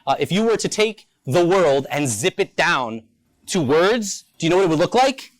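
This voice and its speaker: A man's voice: on the high side, sing-song, normal speed. A man, a rabbi, teaching a lunchtime Torah class with rhetorical questions and playful asides. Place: school campus.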